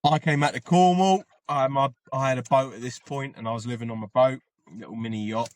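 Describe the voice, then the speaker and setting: A man's voice: mid-range voice, a little fast, no echo. A man, an army veteran and podcast guest, telling his story in a rambling, casual way and swearing freely.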